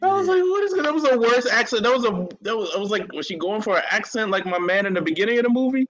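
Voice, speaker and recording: A man's voice: sits high, lively intonation, fast talker, fairly bright tone, muffled recording. A man co-hosting a casual movie review chat, sarcastic and mimicking bad accents. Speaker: podcast co-host.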